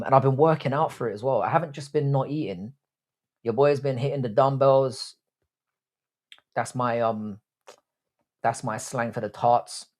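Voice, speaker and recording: A young man hosts a casual live stream, bantering and answering chat in a cocky, crude way. His voice sits at an ordinary middle pitch, and he talks loosely, with a swaggering, teasing edge. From Britain. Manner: crude, cocky banter, calls himself "your boy". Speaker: livestream host. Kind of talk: casual live chat reading out viewer comments.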